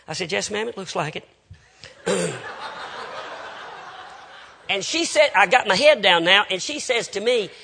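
A Baptist preacher man tells folksy stories in his sermon and acts out both sides of every exchange. His voice sits high for a man and rings bright and sharp. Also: expressive, normal speed, long pauses. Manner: folksy anecdotal storytelling with quoted dialogue. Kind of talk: storytelling sermon.

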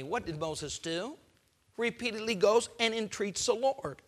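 A man's voice: high voice, unhurried, fairly bright tone. A man preaching a sermon, speaking emphatically and firing off rhetorical questions at the congregation.

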